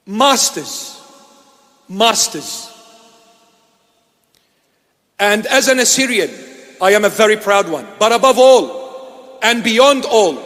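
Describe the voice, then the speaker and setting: Preacher, man, high and light voice, emphatic and repetitive, long hall reverb. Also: fairly bright tone. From Iraq. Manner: emphatic, repeating phrases for weight. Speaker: bishop preaching. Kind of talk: sermon address. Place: church.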